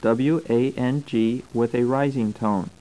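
A man reading a scripted language course, slowly spelling out words and their tones. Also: medium pitch, steady tone, warm tone, low-quality recording. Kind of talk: scripted instructional narration. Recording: old tape recording.

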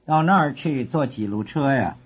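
A man's voice: mid-range voice, animated, breathy edge. A man playing a student asking the way. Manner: slow, careful drill delivery. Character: young male foreign student asking directions. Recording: dull lo-fi course tape.

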